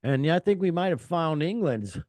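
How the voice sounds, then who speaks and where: A man co-hosting a casual rock music chat show, animated and joking, reading out headlines. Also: fairly high pitch, brisk, dry recording. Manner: animated, reads headlines and quotes with a put-on voice. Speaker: podcast co-host.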